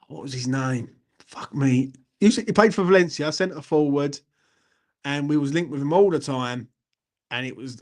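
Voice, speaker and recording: A man hosts a fan channel live stream, chatting casually and answering viewers. He rambles in a matey way and swears freely. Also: a little high. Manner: rambling and matey, swears, keeps asking "you know what I mean".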